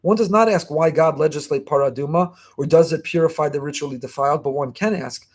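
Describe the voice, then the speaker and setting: A man giving a fast, emphatic Torah lesson as a rabbi, repeating key phrases. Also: on the high side. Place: online class.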